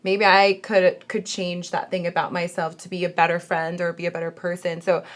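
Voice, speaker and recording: A woman's voice: fairly low pitch, flat delivery, normal speed. A woman hosting a casual panel talk show, prompting the others and encouraging them. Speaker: host.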